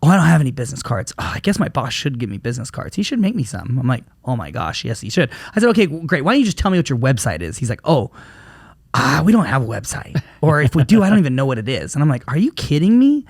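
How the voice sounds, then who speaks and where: A man's voice: medium pitch, fast, gravelly, breathy edge, no echo, studio quality. A man co-hosting a casual business podcast, telling stories animatedly and acting out the back-and-forth of quoted conversations. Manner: animated storyteller, acts out quoted exchanges. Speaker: podcast co-host.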